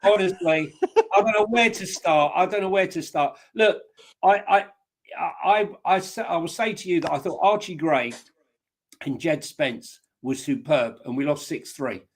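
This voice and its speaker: Male co-host, wisecracking pundit, slightly high voice, loose delivery. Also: normal speed. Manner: jokey, rambling, with wisecracks. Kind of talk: casual football talk.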